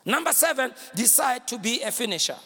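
A male pastor preaches with fire, shouting lines and pulling call-and-response from the crowd. His voice sits very high with a sharp, forceful edge. It is recorded with the long echo of a big hall. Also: big pitch swings, a little fast, slightly rough. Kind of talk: sermon.

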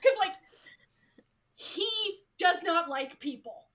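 A woman's voice: very high voice, lively intonation, takes it slowly, a bit bright. A woman co-hosting a casual podcast, gushing about a show, swearing freely and saying "like" a lot. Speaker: podcast co-host.

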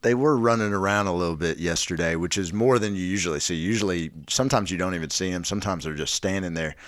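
A man's voice: deep voice, quick pace, dry recording, studio quality. A man and parent chatting casually as a podcast co-host, telling self-mocking stories. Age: adult parent. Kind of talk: casual chat.

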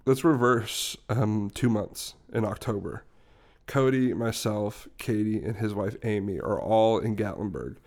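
A man's voice: on the low side, a little slow, darkish tone. Young man rambling through a funny story. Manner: rambling, laughs often while telling a story. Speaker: podcast co-host. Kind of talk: casual storytelling chat.

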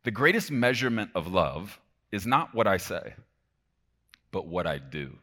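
A man preaching a sermon with fervor, swinging between loud emphasis and hushed lines, often checking in with the congregation. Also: deep voice, sing-song, measured pace, pauses often. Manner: talks to the congregation directly with frequent "okay?". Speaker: pastor.

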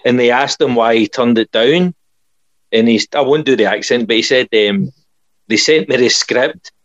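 A man's voice: medium pitch, moderate pace, no room sound. Scottish man telling stories, muffled dry sound. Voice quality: chatty storyteller, laughs often. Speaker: podcast co-host. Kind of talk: casual chat.

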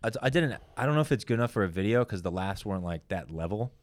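A young male comedian in casual podcast chat, telling stories in a profane, animated way. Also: on the low side, racing. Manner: profane, animated storytelling with acted quotes. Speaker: stand-up comedian.

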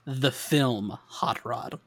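A man hosting a casual podcast, talking in a deadpan, sarcastic way. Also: medium pitch, extremely slow. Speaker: podcast host. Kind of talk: casual chat.

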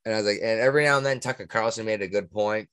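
A man with a Massachusetts accent co-hosting a podcast in casual chat, talking in an animated way that jumps high when he gets worked up. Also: racing, clear, resonant tone, no room sound, clean studio sound. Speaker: podcast co-host.

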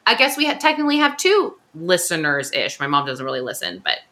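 Podcast co-host, woman, light Valley Girl accent, bright tone, very animated pitch, chatty. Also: fairly quick. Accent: Californian Valley Girl. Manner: chatty, peppered with "like", giggly. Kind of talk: casual chat and ad read.

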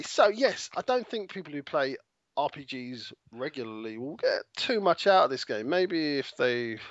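Lively-voiced man co-hosting a podcast. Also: medium pitch, no room sound. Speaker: co-host. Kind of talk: casual podcast chat about games. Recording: dull lo-fi podcast audio.

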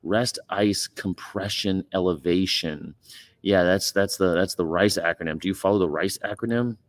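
A man's voice: sits low, normal speed. A man hosting a casual livestream, rambling and greeting viewers and reading their comments aloud. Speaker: livestream host.

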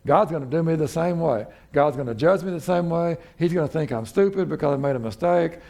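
A man's voice: on the high side, animated, brisk, vocal fry, a little mellow. A man, preaching a sermon as pastor in a folksy, conversational way with frequent restarts.

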